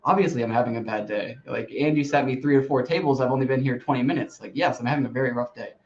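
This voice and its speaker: A man's voice: medium pitch, fast talker, a little mellow. A man hosting a podcast in casual chat, telling a long story with lots of "like" and restarts. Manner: rambling storyteller, heavy use of "like". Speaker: podcast host. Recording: slightly dull lo-fi recording.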